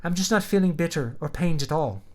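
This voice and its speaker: A man's voice: a little high, lively intonation, fairly quick, voice pushed up, close to an everyday voice. A man doing a breezy Irish young woman. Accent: put-on Irish. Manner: bright, breezy, untroubled. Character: carefree cheerful young woman, bold and unabashed.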